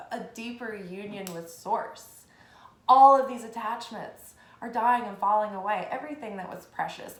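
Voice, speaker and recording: A woman tarot reader talking in a casual, animated way on her spiritual vlog, swearing freely as she goes. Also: medium pitch. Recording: echoey room.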